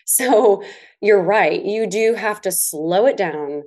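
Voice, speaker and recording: A woman's voice: mid-range voice, expressive, slow pace, a little mellow. A woman co-hosting a podcast, chatting and telling stories, often agreeing. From Southern US. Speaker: podcast co-host. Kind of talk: casual chat.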